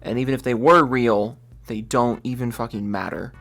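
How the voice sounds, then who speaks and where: A young man from Seattle rants sarcastically about gaming news, swearing often. He then rattles off a long list of supporter names, breaking in with loud yelps. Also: mid-range voice, normal speed, gravelly, faint music behind. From Seattle, USA. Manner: exasperated, profane and sarcastic, with sudden loud yelps. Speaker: gaming YouTuber. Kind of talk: ranting commentary and reading out supporter names.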